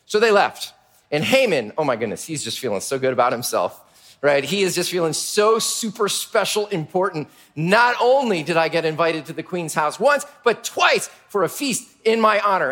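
Brief: male children's pastor, storytelling sermon, high voice with a lot of movement, playful and engaging. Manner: energetic and playful, asks questions of the audience. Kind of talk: animated Bible storytelling to children.

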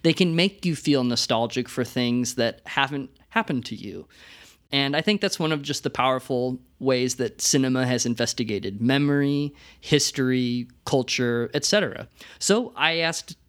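A man's voice: mid-range voice, moderate pace, a bit bright. A man hosting a film podcast, talking in a thoughtful, rambling way with some restarts. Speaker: podcast host. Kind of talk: casual podcast chat.

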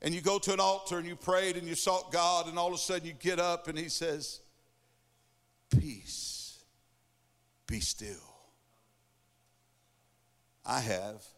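A preacher with a fairly high voice delivers a sermon, building emphasis through rhythmic repetition. His words ring out in a church sanctuary with a long, trailing reverb. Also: little pitch movement, fast, few pauses, a bit bright, clean tone.

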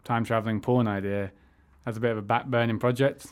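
A man co-hosting a relaxed, comedic conversation. He argues his case with teasing stubbornness and tells rambling anecdotes. His voice sits at an ordinary middle pitch for a man. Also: quick pace, clean tone. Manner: argumentative, teasing. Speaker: podcast co-host. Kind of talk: casual comedic chat.

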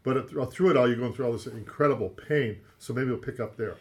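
A man hosts a radio talk show in a relaxed, conversational manner. He prompts his guest with questions and breaks off to mention a book and the call-in line. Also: medium pitch, quick pace. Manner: conversational, plugs the book and gives the call-in number.

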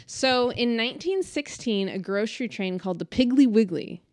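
A woman's voice: a little high, expressive, normal speed, dry recording. Woman podcast host rambling casually, says like a lot, dry close sound. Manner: chatty, laughing, uses "like" a lot. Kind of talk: casual chat.

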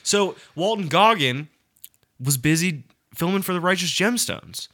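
A man's voice: high-pitched, lively intonation, measured pace, fairly bright tone. A young man co-hosting a casual podcast, telling rambling, profane stories and laughing through them. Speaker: podcast co-host.

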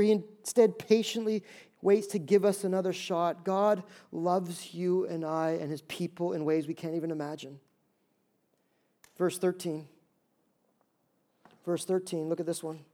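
A male pastor preaching a lively sermon, acting out little voices and jokes to make his points. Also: high voice. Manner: animated, acts out voices and jokes.

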